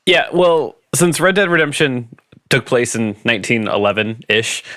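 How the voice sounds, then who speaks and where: A man co-hosting a podcast, explaining his pitch at length in casual chat. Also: animated, moderate pace, bright, forceful tone, no room sound, studio quality. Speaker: podcast co-host.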